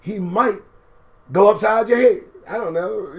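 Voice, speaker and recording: A man's voice: sits high, measured pace, gravelly, very noisy. A man hosting a live commentary stream, riffing casually with sarcastic, profane asides while reading out news items. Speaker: show host.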